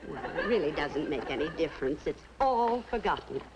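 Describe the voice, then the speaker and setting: An actress playing a gentle, chatty middle-aged mother in a 1950s TV sitcom. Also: low-pitched, big pitch swings, brisk, dull audio, some chatter behind, a little hiss or hum.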